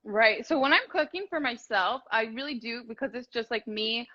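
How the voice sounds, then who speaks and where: A woman's voice: a little high, lively intonation, normal speed, sharp tone, lo-fi sound. A woman chatting casually as a guest cook, rambling with lots of fillers, over a video call. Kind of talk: casual cooking chat.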